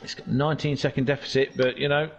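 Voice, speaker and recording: A man giving casual, jokey commentary on an online car race, chatty and excitable. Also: mid-range voice, fast talker, slight background noise. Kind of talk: casual sim racing commentary.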